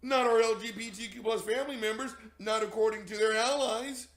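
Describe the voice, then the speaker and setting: A male show host delivering a heated, profane, mocking commentary rant, sometimes shouting. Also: very high-pitched, fairly even intonation, brisk.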